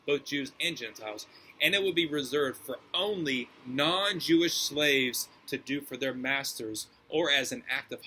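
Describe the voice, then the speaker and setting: A man's voice: medium pitch, sharp tone, slightly rough, rough recording. A male pastor preaching a sermon in a casual, slangy and emphatic way.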